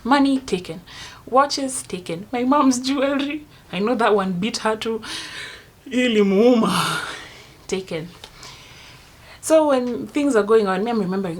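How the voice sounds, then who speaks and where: A young woman with a Kenyan accent tells a story to her vlog viewers, swinging between loud outbursts and hushed asides. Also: fairly high pitch, expressive, measured pace. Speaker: vlogger. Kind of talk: casual storytime monologue.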